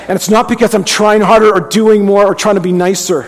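A man's voice: high voice, fairly even intonation, fairly quick. A middle-aged man preaching a sermon as pastor, earnest and conversational, often restarting his sentences. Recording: long hall reverb.

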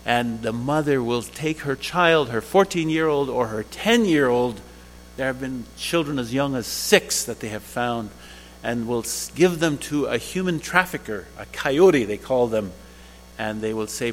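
A man's voice: medium pitch, expressive, normal speed. A man giving a storytelling talk, recounting conversations he had. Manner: retells conversations in dialogue. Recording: long reverb of a large hall.

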